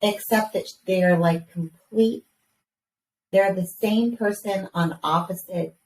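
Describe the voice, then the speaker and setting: A woman in her thirties co-hosting a casual podcast, telling a lively story about her young kids, swearing casually and acting out their voices. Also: mid-range voice, takes it slowly. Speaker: podcast co-host. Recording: roomy, distant mic with faint background hiss.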